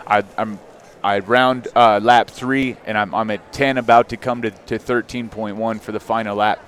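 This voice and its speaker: A man in his thirties, a podcast guest, telling a personal story in a candid, animated way with frequent fillers. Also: fairly low pitch, moderate pace, slight background noise. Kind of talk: casual storytelling.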